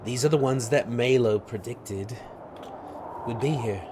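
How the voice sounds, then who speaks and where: A blunt dwarf warrior speaks in slow, broken phrases, voiced by a man. He sounds gruff and concerned. There is steady noise in the background. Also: mid-range voice, close to an everyday voice. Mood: grave. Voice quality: broken dwarvish accent.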